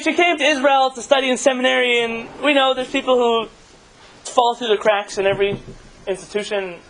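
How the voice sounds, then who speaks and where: Chatty rabbi telling stories to a crowd. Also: male voice, sits high, fairly bright tone, a little hiss or hum, poor audio. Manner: conversational storytelling with questions to the audience. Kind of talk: live talk to an audience.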